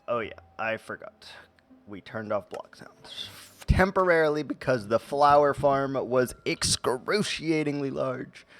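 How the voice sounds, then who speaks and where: A man's voice: medium pitch, fairly bright tone. A man streaming a game live, talking in a playful, rambling, jokey way.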